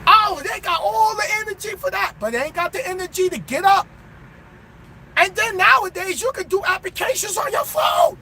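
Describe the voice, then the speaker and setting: A male truck driver giving a motivational pep talk in a preachy way, bursting into shouts, recorded in his truck cab. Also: very high-pitched, lively intonation, normal speed, slight background noise.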